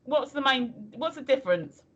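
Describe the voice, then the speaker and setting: A woman's voice: high voice, lively intonation, moderate pace, a bit bright, lo-fi sound. A woman co-hosting a livestream in casual chat, chatty and giggly, reading viewer messages aloud. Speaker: co-host of a livestream.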